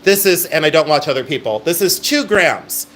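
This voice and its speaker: A man's voice: on the high side, expressive, moderate pace, fairly bright tone, slight background noise. A middle-aged man hosting a live-stream jewelry sale, with chatty, emphatic sales patter.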